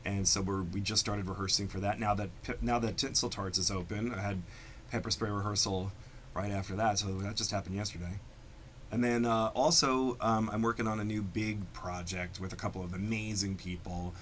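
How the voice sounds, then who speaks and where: Guy drag queen gushing about his show, kinda low voice, a little hiss behind. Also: steady tone, a little fast. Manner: enthusiastic, campy. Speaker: drag performer and producer. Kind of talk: casual interview chat.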